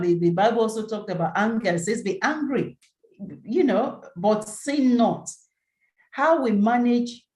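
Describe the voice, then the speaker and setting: A woman leads a live seminar, speaking earnestly and filling pauses with "you know". Her voice sits at an ordinary middle pitch. The recording carries a noticeable room echo. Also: darkish tone. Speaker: seminar presenter. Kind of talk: live teaching talk.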